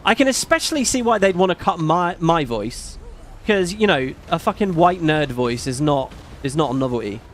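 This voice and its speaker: A British man with a fairly high voice that swings up and down a lot. He chats casually and candidly as a gaming video host and swears now and then. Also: expressive, moderate pace, slight background noise. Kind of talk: casual chat.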